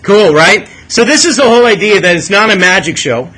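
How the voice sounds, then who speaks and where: Bright, high-voiced male math teacher. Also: animated, brisk, rough recording. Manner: questioning, coaxing students to think aloud. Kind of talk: classroom lesson. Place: classroom.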